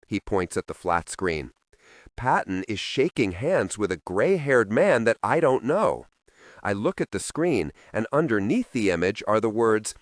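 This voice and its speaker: Low-voiced male audiobook narrator. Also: big pitch swings, a little slow, no echo, studio quality. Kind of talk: first-person audiobook narration.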